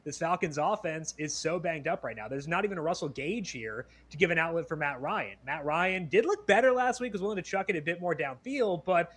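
A man's voice: on the high side, lively intonation, brisk, hardly any pauses, fairly bright tone, breathy edge. Casual man breaking down betting picks. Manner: casual, lots of "like" fillers. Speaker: guest betting analyst. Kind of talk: sports radio talk.

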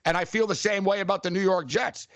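A man co-hosting a casual sports talk show, telling stories in an animated, excitable way. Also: high voice, quick pace, no room sound.

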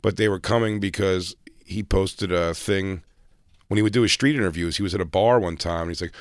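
Male comedy co-host, very deep voice, blunt and profane, dry studio sound. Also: fairly even intonation, smooth, dry recording. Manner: blunt, profane, quick jokes. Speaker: podcast co-host. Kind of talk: casual comedic chat. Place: radio studio.

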